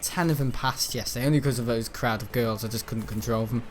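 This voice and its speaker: A man's voice: medium pitch, a little fast, slight background noise. A young man, chatting casually and telling school stories while gaming. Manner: chatty, storytelling, mimics the people he talks about. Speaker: gaming channel host. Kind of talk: casual rambling chat over gameplay.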